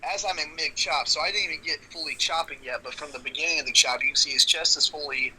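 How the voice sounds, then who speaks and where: A man with a very bright, forceful, slightly high voice tells rough wrestling stories in a relaxed podcast chat. He swears freely and acts out the lines of the people in his stories. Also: fast talker, slight background noise, low-quality recording. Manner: animated storyteller, swears freely, acts out quotes. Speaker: professional wrestler, podcast guest. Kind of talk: casual storytelling chat.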